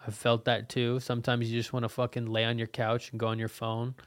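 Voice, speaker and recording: A man's voice: medium pitch, completely flat delivery, fairly quick, no room sound. A young man hosting a casual solo podcast, rambling and swearing with lots of fillers, cold and soaked. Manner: rambling and profane, frequent fillers; frustrated venting. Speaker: podcast host.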